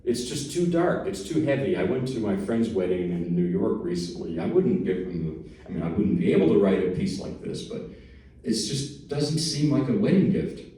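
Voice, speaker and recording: A man's voice: fairly low pitch, sing-song, normal speed, mellow. A man from New Jersey, a pianist introducing a piece in a chatty, self-deprecating way with small jokes. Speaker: pianist giving a lecture recital. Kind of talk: casual spoken introduction to a piece. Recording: very echoey hall, mic at a distance.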